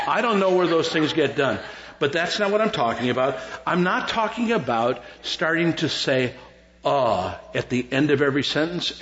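A middle-aged man, preaching a sermon as pastor in an animated, joking way with lots of repetition. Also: on the high side, echoey room, a little hiss or hum. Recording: dull lo-fi sound.

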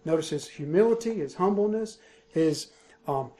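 Emphatic preacher man, higher voice. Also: expressive, moderate pace, mellow. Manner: emphatic, repeats key points. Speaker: pastor. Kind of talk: expository sermon.

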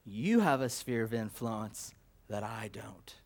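Guy preaching real slow n deliberate, gets loud and emphatic then drops quiet, repeats himself a lot. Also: expressive, vocal fry. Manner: swings from loud emphatic declarations to low quiet asides; slow, deliberate delivery with repetition and stammered restarts. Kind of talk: sermon.

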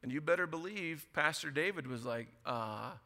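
A man preaching a sermon as pastor, emphatic and animated, often repeating words as he starts a thought. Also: on the high side, a little fast. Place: church sanctuary. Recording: church hall with long reverb.

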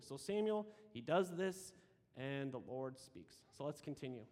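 A man's voice: medium pitch, lively intonation, measured pace, darkish tone. Man preaching in a reverberant hall. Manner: conversational, with frequent restarts and asides. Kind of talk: sermon with scripture reading.

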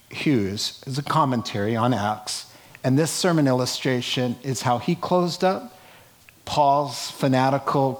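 Slow, unhurried male preacher. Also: mid-range voice. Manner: animated storytelling, chuckling asides, acted-out quotes. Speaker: pastor. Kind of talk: sermon.

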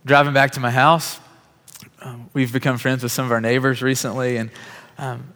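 A man's voice: mid-range voice, normal speed. A man telling a testimony in a sermon, casual and conversational, acting out the people in his story. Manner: lively storyteller who acts out quoted dialogue; conversational, casual fillers like "like" and "bro". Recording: long reverb of a large hall.

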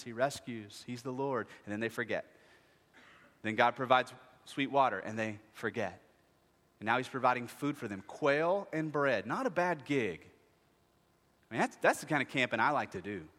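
A man preaches in a big church hall, his voice bright and ringing with long reverb. His pitch swings widely as he jokes and acts out whiny voices. He sounds like a pastor in his thirties. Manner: lively, jokey preaching with acted voices. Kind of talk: sermon. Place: church sanctuary.

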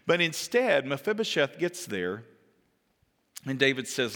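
A man preaching a Sunday sermon, bringing his stories to life as he acts out the people in them. His voice is bright and sharp, pitched a bit high. The sound rings out with the long reverb of a church sanctuary. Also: normal speed. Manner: animated storytelling, acting out quoted voices. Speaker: pastor.

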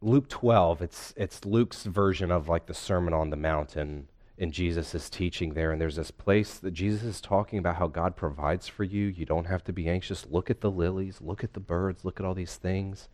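A man delivers a sermon in a loose, conversational way, often asking his listeners questions. His voice sits on the low side. He talks like a pastor chatting with the room rather than reading a text. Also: steady tone, moderate pace, hardly any pauses, darkish tone. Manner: conversational, asks the room questions, retells a comedy scene. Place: church hall with a congregation.

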